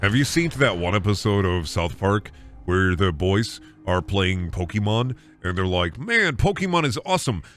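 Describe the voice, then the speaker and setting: A man streaming a video game and riffing in a mock stand-up style, swinging from muttered asides to shouted rants. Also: sits low, unhurried. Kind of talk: comedic gaming stream banter.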